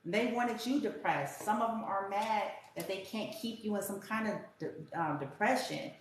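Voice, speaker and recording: A woman's voice: medium pitch, moderate pace. A woman giving a casual tarot reading in a blunt, profane, rambling rant. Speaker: tarot reader. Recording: very echoey room with faint hiss.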